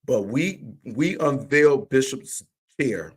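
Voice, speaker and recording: A man's voice: mid-range voice, animated, slow, husky. A man in a livestream conversation, telling a church story with animation and acting out the dialogue. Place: remote livestream call.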